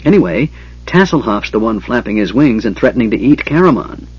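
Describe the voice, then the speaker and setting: Man voicing a blunt storybook dwarf, gruff, husky, low. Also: sing-song, a little fast, lo-fi sound. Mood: urgent. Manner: gruff, terse.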